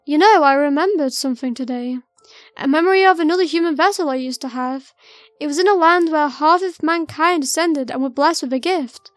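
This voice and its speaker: A woman reading as a calm otherworldly male being. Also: high voice, fairly quick, dry recording, lightly acted. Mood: wistful. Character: calm mysterious male entity remembering past lives.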